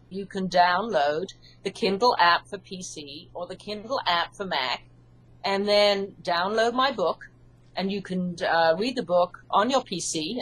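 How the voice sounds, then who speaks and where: A woman with an English accent, an author and hypnotherapist, calmly explaining her ideas in an interview. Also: lowish voice, husky, low-quality recording. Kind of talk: interview answers.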